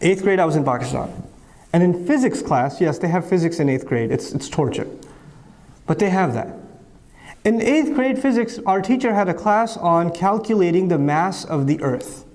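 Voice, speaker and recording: A man in his thirties delivers an educational lecture in a fairly high voice. He drives his points home with rhetorical questions and repeated phrases. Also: normal speed. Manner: rhetorical questions answered by himself; animated, repetitive emphasis. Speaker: Islamic speaker.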